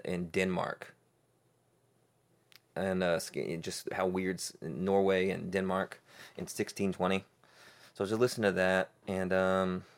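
A man with a very low voice hosts a podcast on his own. He rambles loosely and jokily, breaking off into restarts and fillers. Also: creaky. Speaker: podcast host. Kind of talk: casual solo podcast chat.

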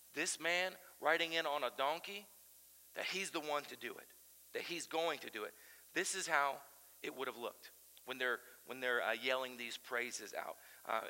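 A man preaching a sermon as pastor, animated and swinging between loud emphasis and quiet intensity. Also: on the high side, long reverb tail, rough recording. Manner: animated preaching, chanting crowd shouts aloud.

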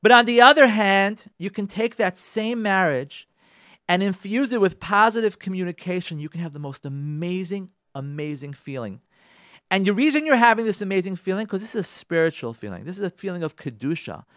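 A rabbi hosting a radio talk show, speaking on Torah and marriage and repeating key phrases for emphasis. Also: male voice, high-pitched, lively intonation, fairly quick, fairly bright tone, dry recording, studio quality.

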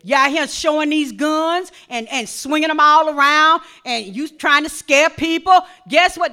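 A woman preacher delivering a sermon, reading scripture and building to shouted calls to the congregation. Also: sits high, unhurried, hardly any pauses.

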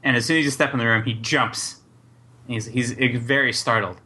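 A man narrating as game master in a tabletop game, halting and full of fillers. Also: medium pitch, steady tone, sharp tone, slightly rough. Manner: unhurried, halting, lots of fillers.

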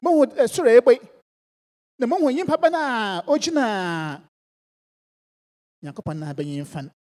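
A woman preaching a sermon, mixing English with a local language and swinging between soft and loud passages. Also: fairly high pitch, expressive, unhurried, long reverb tail.

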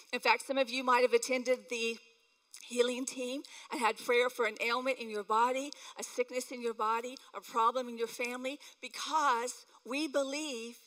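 A woman pastor preaching a sermon in an animated way, acting out the people in her stories. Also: a little high, long reverb tail, poor audio.

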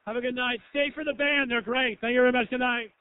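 High-pitched guy doing stand-up, snarky and sweary, tinny dry phone-ish sound. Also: steady tone, fast, a little hiss or hum. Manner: sardonic and profane, with shrill outbursts. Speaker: stand-up comedian. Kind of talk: stand-up set. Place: small comedy club.

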